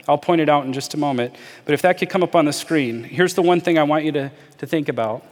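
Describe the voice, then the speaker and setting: Earnest high-voiced pastor in a reverberant hall. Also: male voice. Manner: earnest, invites listeners to imagine, stresses key phrases by slowing down. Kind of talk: sermon.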